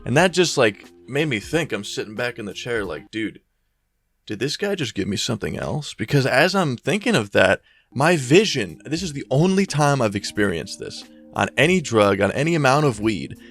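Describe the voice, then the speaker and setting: A man's voice: medium pitch, very animated, normal speed, a bit bright, faint music behind. A young man telling a story in a casual, rambling way, full of slang and swearing. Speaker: YouTuber storyteller.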